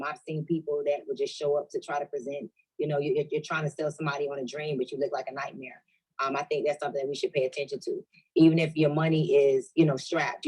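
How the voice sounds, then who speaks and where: Panel guest: woman, very low voice, emphatic and earnest. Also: darkish tone, slightly rough, poor audio. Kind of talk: advice on a panel.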